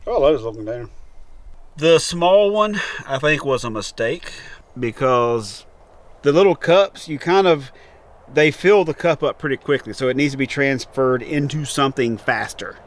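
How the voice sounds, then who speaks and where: A man's voice: medium pitch, expressive, normal speed. A man chatting casually and teasingly while he plants seeds in a basement setup. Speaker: home gardening vlogger. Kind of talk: casual joking chat. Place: basement seed-starting setup.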